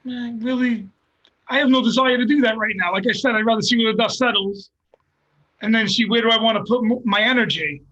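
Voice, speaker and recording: A jiu-jitsu coach and guest, a man telling animated, profane stories in casual podcast chat. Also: very high voice, a little fast, lo-fi sound.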